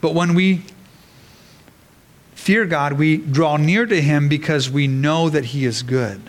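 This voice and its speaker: A man's voice: a little high, slow. A man preaching an earnest sermon as pastor, often restarting words as he explains a scripture passage.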